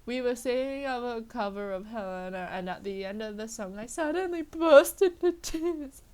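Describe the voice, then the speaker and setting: A young woman with a slightly high voice and a sore throat gives a mock-dramatic comedic reading. She delivers the lines with exaggerated flair, then drops into exasperated, sarcastic asides. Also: animated, moderate pace, darkish tone, clean tone. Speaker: dramatic reader of a fanfic.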